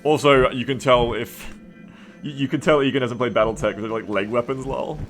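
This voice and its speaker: A man streaming a strategy game live, excitable and rambling, swearing freely as he plays. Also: medium pitch, brisk, soft background music. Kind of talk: casual gaming livestream commentary.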